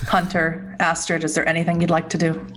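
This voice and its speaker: A woman narrating a tabletop horror game as game master, describing scenes in a measured way. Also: sits low, completely flat delivery, a bit bright, poor audio.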